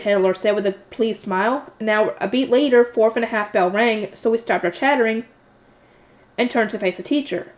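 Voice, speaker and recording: Brief: woman narrator, slightly high voice, casual read-aloud with self-corrections. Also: moderate pace. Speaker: narrator and channel host. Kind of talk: reading a light novel aloud with casual asides.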